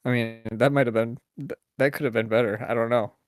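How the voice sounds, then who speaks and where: A man's voice: medium pitch, fairly even intonation, brisk, dry recording, clean studio sound. A man co-hosting a podcast, talking in a laid-back, rambling way and laughing often. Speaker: podcast co-host. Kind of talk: casual chat.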